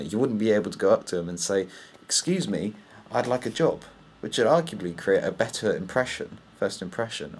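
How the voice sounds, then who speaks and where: A man's voice: low-pitched, slightly rough. A young British man in a casual vlog monologue, rambling and exasperated as he complains. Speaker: vlogger.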